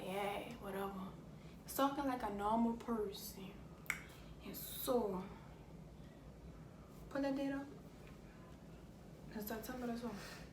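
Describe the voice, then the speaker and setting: Halting woman heard from across an echoey room. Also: on the high side. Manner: halting, pausing to collect herself. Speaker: vlogger. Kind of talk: casual story time. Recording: distant mic in an echoey room with noticeable noise.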